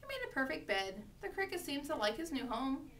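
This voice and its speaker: A woman reading a children's storybook aloud with steady, expressive narration. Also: sits high, fairly quick, distant mic, a little hiss or hum. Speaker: reader.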